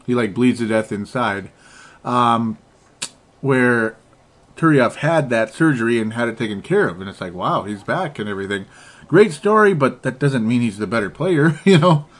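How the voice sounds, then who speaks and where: A man's voice: mid-range voice, lively intonation, normal speed, fairly bright tone. Rambling, jokey man co-hosting a podcast. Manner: rambling, laughs often, jokey. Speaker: podcast co-host. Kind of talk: casual sports podcast chat.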